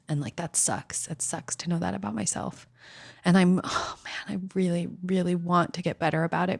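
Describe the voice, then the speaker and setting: A woman's voice: low-pitched, a little mellow, no echo, studio quality. A young adult woman hosting a podcast, telling a candid, self-deprecating story in casual speech full of filler words and swearing. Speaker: podcast host.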